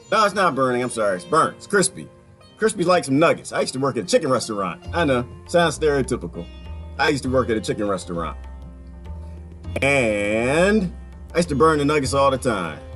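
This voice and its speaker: A man's voice: medium pitch, fairly bright tone. A man vlogging in a rambling, jokey monologue, repeating phrases and laughing often. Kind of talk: casual monologue.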